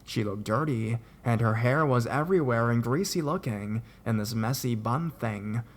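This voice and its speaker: A young man narrating scary stories in a steady reading voice that rises at the shocking parts. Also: medium pitch, normal speed. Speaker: horror story narrator. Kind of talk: scripted horror story narration.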